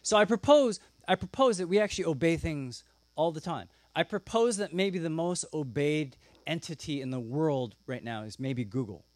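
A man preaching a sermon, telling the story with lively asides and acting out the characters. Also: fairly high pitch, moderate pace, no room sound. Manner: animated storytelling, acts out characters with gasps and asides. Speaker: pastor.

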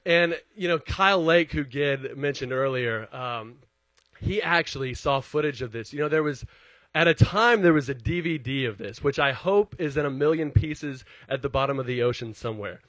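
A male pastor preaching in a relaxed, conversational way, with a voice sitting in an ordinary middle pitch. He tells personal stories with animated, self-deprecating humor, and the sound is close and dry, with no room echo. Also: normal speed. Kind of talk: conversational sermon with personal storytelling.

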